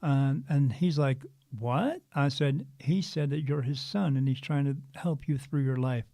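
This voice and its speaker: Earnest gravelly man telling a story. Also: mid-range voice, normal speed, no room sound. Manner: earnest, animated storyteller with frequent restarts. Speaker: spiritual medium guest. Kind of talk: casual storytelling interview.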